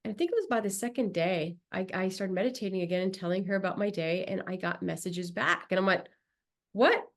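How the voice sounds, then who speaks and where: A woman from Southern California, a podcast guest telling a personal story in a casual, animated way, acting out the people she quotes. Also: lowish voice, fast talker, creaky. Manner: animated, acts out quoted voices.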